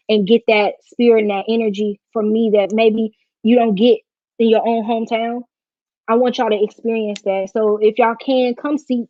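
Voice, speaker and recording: Fairly high in pitch yet dark in tone, this woman's voice has no room sound. She hosts a relaxed live stream, emotional and informal with lots of slang, nearly crying, over dry and somewhat dull lo-fi audio.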